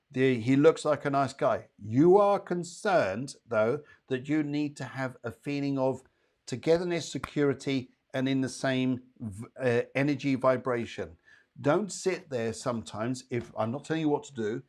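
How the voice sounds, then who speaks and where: A man hosting a live psychic show, giving readings in a chatty, rambling way with playful asides. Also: mid-range voice.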